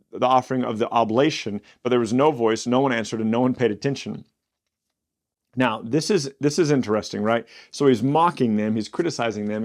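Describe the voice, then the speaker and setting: A man's voice: medium pitch, a little mellow. A man teaching through a Bible passage, reading verses aloud and then retelling them in loose, conversational paraphrase. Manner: reads scripture aloud, then retells it in chatty modern paraphrase.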